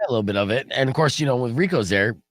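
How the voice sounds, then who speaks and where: A man's voice: racing, dry recording, studio quality. A middle-aged man hosting a radio show in casual chat, telling rambling stories full of fillers. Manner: rambling, filler-heavy storytelling with lively swings in pitch. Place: radio studio.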